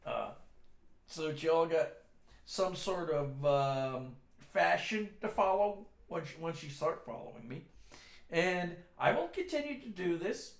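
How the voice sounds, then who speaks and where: Gravelly middle-aged man telling dark-humored stories. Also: on the high side, lively intonation, a little slow. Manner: dark-humored, self-deprecating, chatty. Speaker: show host. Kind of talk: casual rambling storytelling. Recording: echoey room.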